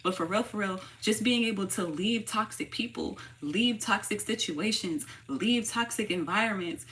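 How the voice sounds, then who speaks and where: A woman's voice: medium pitch, normal speed, a bit bright. A woman giving a casual, slangy tarot reading, stressing her points by repeating phrases. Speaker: tarot reader.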